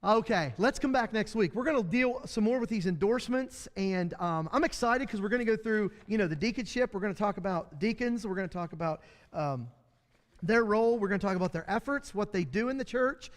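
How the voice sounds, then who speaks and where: Man, Bible study teacher, folksy storyteller, fairly high voice, long reverb. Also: animated, a little fast. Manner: storytelling, folksy, self-deprecating humor. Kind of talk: conversational Bible class teaching. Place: church classroom.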